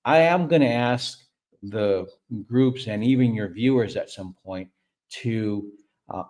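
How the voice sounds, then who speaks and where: A man's voice: medium pitch, darkish tone. A man talking earnestly and steadily as a podcast guest, with some restarts. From Costa Rica. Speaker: guest, medical tourism advisor. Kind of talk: casual podcast talk.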